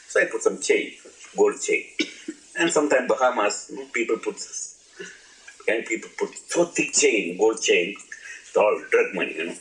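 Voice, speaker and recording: A man gives a loose, joking spiritual talk, asking his listeners questions. His pitch leaps and dips with animation. The old archive recording rings with room echo. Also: animated, normal speed, a bit bright. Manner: playful, laughing, asks the audience questions. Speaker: spiritual teacher. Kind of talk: informal spiritual talk to an audience.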